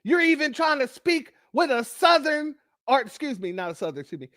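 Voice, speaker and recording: A man's voice: very high-pitched, expressive, a little fast, hardly any pauses, a bit bright, no room sound, clean studio sound. A man hosting a livestream, giving heated commentary and counting off his points one by one in a combative way. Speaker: livestream host.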